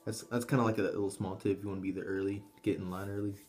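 A man's voice: fairly low pitch, flat delivery, racing, darkish tone, soft background music. A young man giving casual tips to camera, rambling and swearing, with frequent restarts. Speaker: vlogger, army trainee.

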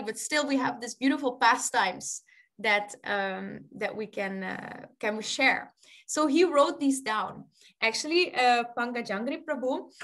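A woman storyteller telling a story to children, animated, laughing often and asking them questions. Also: sits high.

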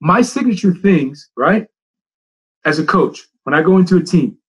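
A man's voice: high voice, expressive, moderate pace, breathy edge, rough recording. A middle-aged man who coaches soccer, giving a presentation and telling stories, repeating his key phrases for emphasis.

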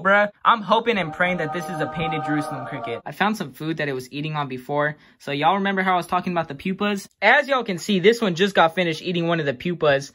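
A young man casually showing off his pet bugs, slangy, excitable and self-mocking. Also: fairly high pitch. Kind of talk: casual vlog chat.

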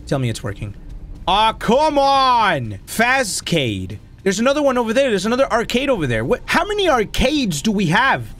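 Excitable young man yelling through a game. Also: high-pitched, normal speed. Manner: excitable, yells and swears, laughs often. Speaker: gaming YouTuber. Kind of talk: let's play commentary.

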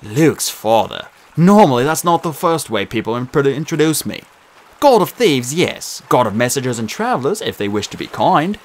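A man voicing a sly, smooth-talking male god in a put-on mixed British and Australian accent for an audiobook. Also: medium pitch, very animated, moderate pace, pitched above the performer's own voice. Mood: breezy. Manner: breezy, teasing. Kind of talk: audiobook reading.

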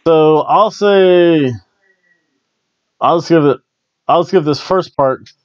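A man's voice: on the high side, slow pace, no echo, muffled recording. A man hosting a casual solo wrestling review, chatty and rambling, often stumbling and restarting his words. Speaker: wrestling show reviewer, host.

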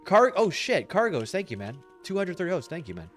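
A high-voiced man commentates his game live, bursting into laughter and swearing as the action unfolds. His pitch leaps up and down a lot, though he often draws his words out slowly, with faint music underneath. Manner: excitable, laughing, heavy swearing, talks to chat. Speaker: game streamer.

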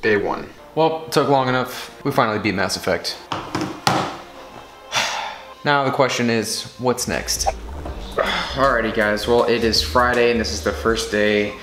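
A man chats to his viewers in a loose, rambling vlog, tossing in jokes as he goes. His voice sits at an ordinary middle pitch. Music plays steadily behind him. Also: unhurried, long pauses. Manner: chatty, rambling, jokey. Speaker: vlogger. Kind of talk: casual vlog talk.

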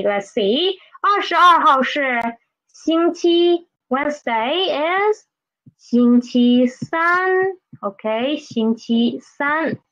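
A woman's voice: sits high, a bit bright. A woman teaching a language lesson, patiently repeating each word and modeling tones for learners to copy. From Philippines. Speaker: Mandarin teacher. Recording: dull lo-fi recording.

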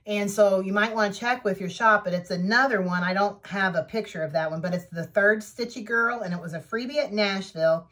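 Brisk, with hardly any pauses, a needlework vlogger talks in a medium-pitched, slightly bright voice. Her casual, enthusiastic show-and-tell chat walks through the projects she's made.

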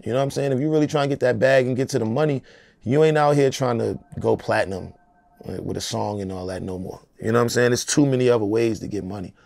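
A middle-aged man, a rapper, speaks in an interview with a gravelly, rough edge to his voice. He talks in a loose, emphatic, streetwise way. The sound is dry and close-miked. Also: mid-range voice, quick pace, a little mellow, no room sound. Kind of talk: casual interview talk.

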